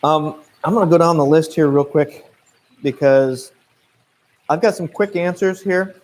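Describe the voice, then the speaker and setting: On a laid-back livestream Q&A, a thirtysomething naturalist guide from the US Midwest answers viewers' questions, often using fillers and restarting sentences. His pitch runs fairly high, he speaks at a measured pace, and the audio quality is poor.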